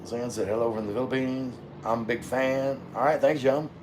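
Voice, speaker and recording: A man reading viewer comments on a casual live stream, rambling and relaxed while drinking with his chat. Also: mid-range voice, moderate pace, slight background noise. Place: room with floor-to-ceiling window.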